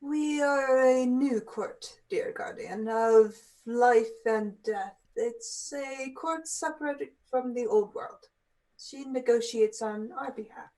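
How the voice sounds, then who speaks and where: A woman's voice: fairly high pitch, slow, a little mellow, low-quality recording. A woman player voicing a fey courtier in a tabletop game, speaking formally and courteously. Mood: haughty. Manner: formal, courtly, polite address.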